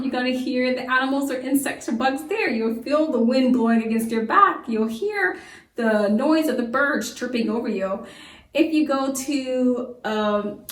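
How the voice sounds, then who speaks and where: A lively woman teacher leads a young class, firing off questions and answering them herself. Her voice sits a little high. She sounds a few steps back from the mic in an echoey room. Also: distant mic. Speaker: homeschool teacher. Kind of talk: children's science lesson to camera.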